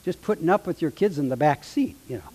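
Man, pastor, sermon, fairly high voice, animated delivery, dramatic scripture reading, dry sarcasm. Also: fast, breathy edge, poor audio.

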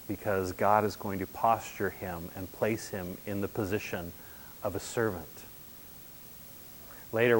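Low-voiced man preaching with emphatic swings. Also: a little hiss or hum. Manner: animated, emphatic, swings between loud and hushed. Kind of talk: sermon.

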